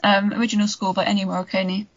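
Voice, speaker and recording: A woman's voice: mid-range voice, level tone, fast talker. A woman with a West Country accent co-hosting a casual film review podcast, laughing often and apologising for mangling names. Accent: West Country English. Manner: giggly, apologetic about names. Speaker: podcast co-host. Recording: dull lo-fi audio.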